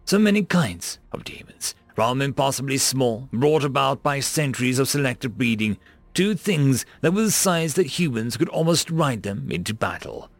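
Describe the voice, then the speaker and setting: A man reading science-fiction stories aloud as a narrator, with an expressive delivery. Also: mid-range voice, normal speed, dry recording. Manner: expressive reading that rises and falls. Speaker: story narrator.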